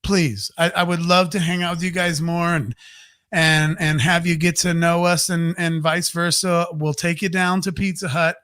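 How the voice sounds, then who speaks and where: A man's voice: on the high side, flat delivery, moderate pace, fairly bright tone, smooth, natural voice. A man voicing a pushy, overfriendly middle-aged stranger who gushes and won't take no for an answer. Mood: pleading. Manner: gushing, wheedling, won't take no.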